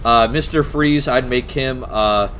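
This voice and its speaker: A man's voice: medium pitch, measured pace, fairly bright tone, a little hiss or hum. A man co-hosting a casual chat about tabletop games, rambling, swearing casually and laughing often. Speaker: podcast co-host.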